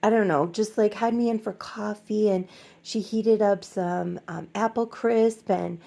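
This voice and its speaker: A middle-aged woman chatting casually in a home vlog, soft-spoken and gently emotional, rambling with many fillers. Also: mid-range voice, fairly even intonation, measured pace, gravelly. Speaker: doll collector vlogger.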